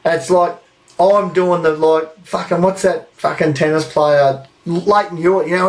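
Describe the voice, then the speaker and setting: A young Australian man co-hosting a live podcast tells a story, animated and swearing freely, with laughter between lines. His voice sits a little higher than most men's, his pace is moderate, and there's background noise.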